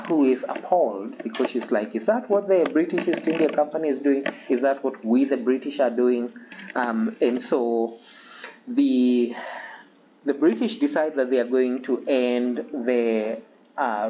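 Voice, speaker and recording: A man giving a history lecture to a class, halting with many ums and frequent throat-clearing. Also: medium pitch, darkish tone. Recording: dull lo-fi recording with faint hiss.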